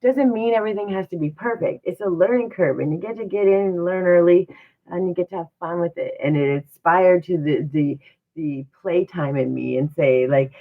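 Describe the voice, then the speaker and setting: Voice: medium pitch, normal speed. A livestream host giving a motivational talk, encouraging and repetitive, full of rhetorical questions. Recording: tinny phone-like audio.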